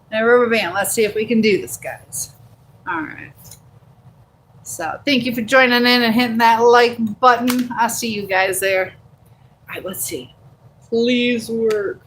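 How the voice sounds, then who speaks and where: A woman's voice: fairly high pitch, expressive, normal speed, a bit bright, a little hiss or hum, poor audio. A woman hosting a casual live stream from a handheld phone at home, reading out viewer comments and chatting in a rambling way with plenty of fillers. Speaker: livestream host.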